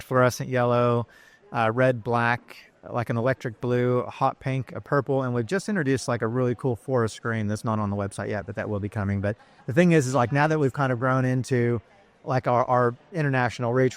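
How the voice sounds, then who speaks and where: A man's voice: medium pitch, clean tone. A man, a business founder chatting in an interview, rambling and filling his talk with ums and you-knows. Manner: chatty, rambling, many fillers. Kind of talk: casual interview storytelling.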